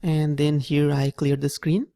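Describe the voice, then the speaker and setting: A man's voice: a little high, flat delivery, a little slow, gravelly, mellow, no echo. A man teaching programming in a screen-recorded tutorial, patiently repeating each step and checking in with "okay?". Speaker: programming instructor.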